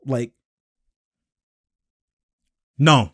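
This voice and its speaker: A young man talks straight to his audience in a loose, slang-heavy way, circling back and piling on fillers as he riffs on basketball. His delivery is animated, and he pushes his voice up when he gets fired up. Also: a little high, measured pace, long pauses. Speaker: basketball commentary host. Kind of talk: casual solo commentary.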